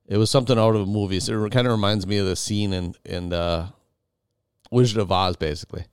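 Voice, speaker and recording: A man's voice: lowish voice, fairly even intonation, fast, smooth, dry recording, studio quality. A man hosting, animatedly retelling a dramatic story to his wife with many restarts. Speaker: podcast host.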